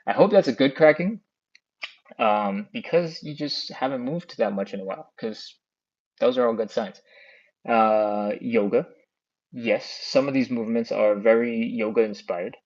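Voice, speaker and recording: A man leads a live stretching session from a phone, counting each hold aloud and chatting easily with his viewers. His voice sits at a middle pitch, and the phone audio sounds dull and lo-fi. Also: measured pace, a little mellow. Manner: counts down aloud, chatty, reads out chat comments. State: a bit out of breath. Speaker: stretching class host. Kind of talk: live follow-along stretching class. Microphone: phone on a stand.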